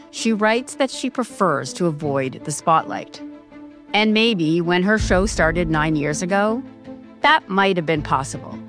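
A woman journalist reading a scripted podcast introduction in a measured, polished way. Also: on the low side.

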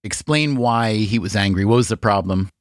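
A man hosting a radio interview show, narrating and asking curious, measured questions. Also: fairly low pitch, no echo, clean studio sound. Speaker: podcast host.

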